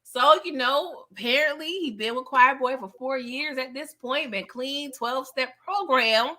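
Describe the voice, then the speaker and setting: A woman's voice: sits high, a little slow. A woman hosting a live movie review chat, retelling scenes with emphatic delivery, acting out the characters' lines and laughing often. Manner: animated, emphatic storyteller who acts out the characters' lines. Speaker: channel host.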